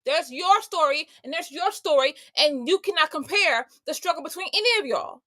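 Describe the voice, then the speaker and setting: Woman host, high bright voice, punchy slangy motivational faith talk to camera. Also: animated, normal speed, dry recording, studio quality. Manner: emphatic, conversational and slangy, addressing listeners directly. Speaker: homemaker, entrepreneur and mother.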